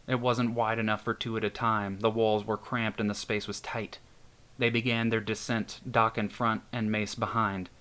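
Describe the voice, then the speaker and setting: A man narrating a scripted horror story in a steady storytelling manner. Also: on the low side, normal speed, clear, resonant tone. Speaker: narrator and author.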